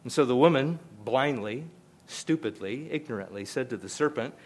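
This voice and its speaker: A man's voice: mid-range voice, expressive, moderate pace. An older man preaching a sermon, emphatic and conversational, often repeating himself for emphasis. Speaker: pastor.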